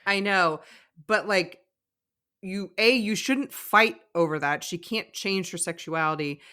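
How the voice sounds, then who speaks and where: Opinionated and quick to giggle, a female podcast co-host chats casually through a reality-show recap. She sounds low-pitched, bright and forceful, and takes her time.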